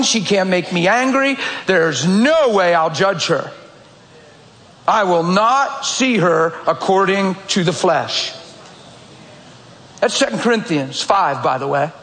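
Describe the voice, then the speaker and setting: High-voiced preacher in an echoing sanctuary. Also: male voice, takes it slowly, long pauses. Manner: animated storytelling, direct and conversational. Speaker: pastor. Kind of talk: sermon. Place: church sanctuary. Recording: echoey church hall, faint ambience.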